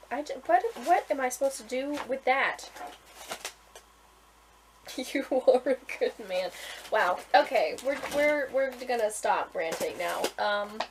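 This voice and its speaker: A woman's voice: on the high side, slight background noise, low-quality recording. A woman author in a casual vlog, reading aloud from her own book, chatty and often breaking into giggles. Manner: giggly, keeps breaking into laughter; chatty, with many fillers and restarts.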